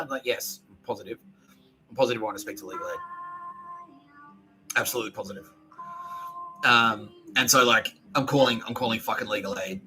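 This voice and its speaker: A man's voice: on the low side, fast talker, bright, forceful tone, faint music behind, rough recording. A man podcasting alone in a rambling, profane monologue that often restarts its sentences.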